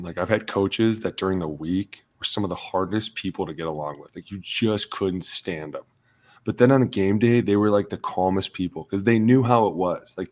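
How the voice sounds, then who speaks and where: Male podcast co-host, lower voice, animated storyteller who slips into the voices of coaches and teammates. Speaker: podcast co-host, former offensive lineman. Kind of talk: casual sports chat.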